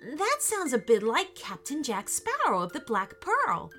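A woman's voice: sits high, wildly swooping pitch, a little slow, bright, forceful tone, soft background music, voice pushed up, exaggerated voice. A woman voicing a curious, innocent young boy in a storybook. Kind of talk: storybook character voice.

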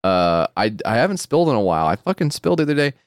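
A man co-hosting a podcast, chatting casually and profanely and jumping into high mock voices. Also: very animated, rapid-fire, no room sound, clean studio sound. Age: adult with a wife and kid. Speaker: podcast co-host. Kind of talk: casual comedic chat.

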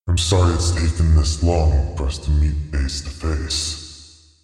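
A man voicing a vain, petty male dark god, a huge tick-like creature who talks like an internet troll. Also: a bass voice, fairly even intonation, unhurried, soft background music. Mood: mocking. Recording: roomy echo with long reverb.

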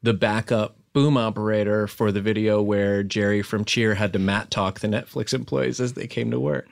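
A man's voice: on the low side, fairly even intonation, normal speed, vocal fry. A man co-hosting a comedy podcast, teasing his guest in a playful improvised bit. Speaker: podcast co-host.

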